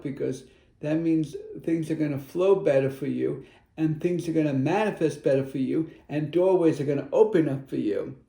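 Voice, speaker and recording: Earnest spiritual advisor man, gravelly. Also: on the high side, mellow, roomy sound. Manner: earnest and meandering, with acted-out inner voices. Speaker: spiritual advisor giving a card reading. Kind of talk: tarot card reading.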